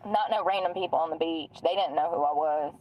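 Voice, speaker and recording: A woman's voice: low-pitched, fairly quick, highs cut off. A woman from North Carolina, rambling through a profane, laughing story about her day. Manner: chatty, laughing, profane, quotes others in dialogue. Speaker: streamer telling stories.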